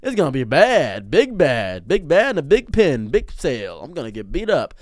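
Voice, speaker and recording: A man streamer delivering a sarcastic comedic rant in a mock-macho manner, swinging between booming lines and muttered asides. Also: wildly swooping pitch, moderate pace, dry recording, clean studio sound. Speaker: streamer and commentator.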